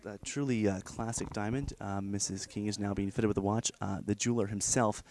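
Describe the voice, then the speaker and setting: A man doing mock broadcast commentary as an event reporter, speaking in a deadpan, mock-formal announcer tone. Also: fairly low pitch, brisk, background noise.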